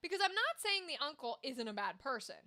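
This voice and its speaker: Woman streamer, high bright voice, casual animated rant. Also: brisk. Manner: animated, swearing, talks to chat. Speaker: livestream host.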